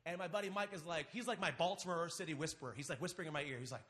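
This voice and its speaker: Live before an audience on a large theater stage, a man with a lively, high-pitched voice tells a funny story into a stage microphone. He animatedly acts out his friends' lines, his voice rising and falling as he builds to each joke, talking very fast with hardly any pauses.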